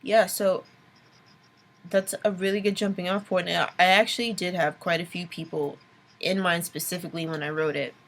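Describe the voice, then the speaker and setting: A woman's voice: lowish voice, fairly even intonation, moderate pace. A young adult woman vlogging a late-night rant, exasperated, with sighs and whispered asides.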